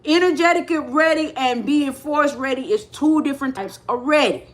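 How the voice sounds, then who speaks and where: High-voiced animated woman on livestream. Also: a little fast. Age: middle-aged. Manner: animated, repeats phrases, acts out quoted voices. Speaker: spiritual livestream host. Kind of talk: casual livestream talk.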